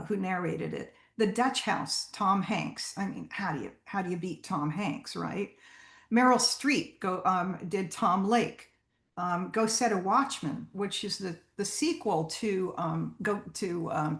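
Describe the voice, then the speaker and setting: A woman voice actor giving a chatty, informal talk to a writers group, with many fillers and restarts. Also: medium pitch. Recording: roomy echo.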